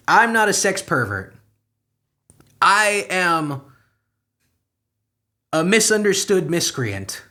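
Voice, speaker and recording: A young man riffs on news headlines with crude sarcasm. His voice sits a little high and jumps wildly between low muttering and sudden loud outbursts, never staying flat for long. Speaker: comedy podcast host. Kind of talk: profane comedic news commentary.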